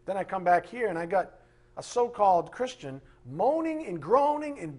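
Husky, higher-pitched middle-aged male preacher; emphatic and rhetorical, swinging loud to soft. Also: big pitch swings, moderate pace. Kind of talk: sermon.

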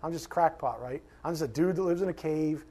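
A pastor delivers a sermon in a conversational, self-mocking way, breaking into animated bits and playful shouts. His voice sits a little high for a man. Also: quick pace, breathy edge. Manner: animated, joking, shouts at times.

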